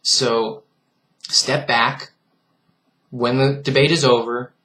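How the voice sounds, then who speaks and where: A man's voice: mid-range voice, steady tone, slow, pushed and bright. A man in a casual vlog monologue, earnest and reflective, speaking straight to his viewers and laughing at what he finds foolish. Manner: earnest and reflective, lecturing the viewer with frequent direct appeals. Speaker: vlogger.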